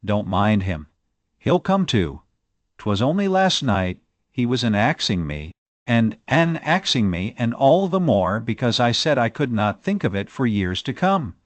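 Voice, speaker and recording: A man reading an audiobook, voicing an eager, bold young maidservant with rustic country speech and a quick, pleading manner. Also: mid-range voice, very animated, dry recording. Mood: coaxing. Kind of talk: audiobook character voice.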